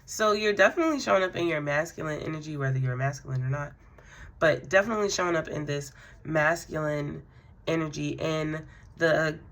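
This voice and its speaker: With a low voice and a moderate pace, a woman reads tarot in a spiritual vein. She addresses the listener personally, keeping things relaxed and affirming, with fillers and quiet laughs throughout.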